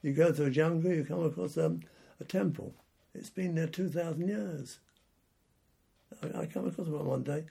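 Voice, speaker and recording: An old veteran spins his wartime memories in a loose, wandering way, circling back over his own words. His voice is heavily gravelly and husky, sitting a bit high for a man, with a dark, mellow color. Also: moderate pace. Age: older. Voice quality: gravelly and raspy. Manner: rambling anecdotal telling with restarts. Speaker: war veteran interviewee. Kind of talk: oral history storytelling.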